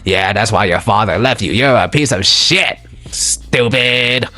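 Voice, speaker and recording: A man's voice: lowish voice, a little slow, bright, forceful tone, faint music behind. A man putting on a taunting, spiteful woman. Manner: taunting, mocking. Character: scheming, spiteful young woman in an argument.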